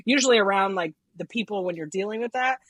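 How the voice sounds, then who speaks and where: Husky woman cohost, chatty, keeps restarting sentences, dead dry sound. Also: mid-range voice, fairly bright tone, dry recording. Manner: halting restarts, laughs often, self-deprecating. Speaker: podcast co-host. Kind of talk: casual conversation.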